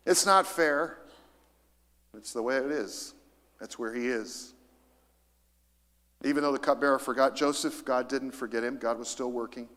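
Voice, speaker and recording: A middle-aged man preaches to his congregation, swinging between emphatic high points and quieter asides. He calls out for the room to answer back. The sound rings with the long reverb of a large church hall. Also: normal speed, long pauses. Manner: lively, rising to emphasis, calls for audience responses. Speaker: pastor. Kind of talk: sermon. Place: church auditorium.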